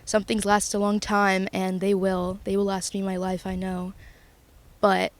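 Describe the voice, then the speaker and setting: Flat-voiced young woman, halting and reflective. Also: mid-range voice. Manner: reflective, halting, with long pauses and restarts; emotional and earnest. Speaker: vlogger. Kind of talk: confessional personal vlog.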